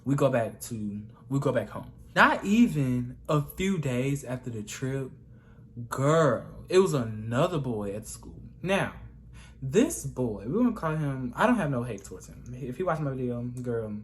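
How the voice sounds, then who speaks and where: A man's voice: medium pitch, very animated, unhurried. A young man telling a casual storytime vlog in a chatty, gossipy way, often calling the listener "girl". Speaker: vlogger.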